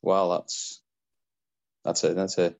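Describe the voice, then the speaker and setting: A man with a fairly low voice chats as a podcast co-host. He agrees readily and laughs along often, keeping the talk relaxed and conversational. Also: slow, creaky. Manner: agreeable, with frequent yeahs and laughs. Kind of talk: casual podcast chat.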